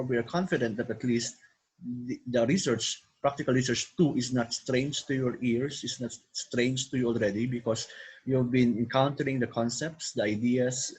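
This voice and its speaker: Husky man giving a lecture. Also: mid-range voice, a little mellow, poor audio. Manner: repetitive, piles up synonyms, code-switches into Tagalog. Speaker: teacher. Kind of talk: recorded online lecture.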